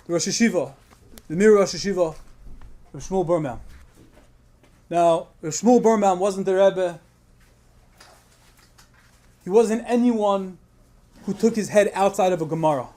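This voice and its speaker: A man's voice: sits high, unhurried, pauses often. A man giving a Tisha B'Av sermon, telling a moving story with passion and rising intensity, sprinkling in Yiddish and Hebrew terms. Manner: builds to loud impassioned storytelling, Yiddish and Hebrew terms woven in.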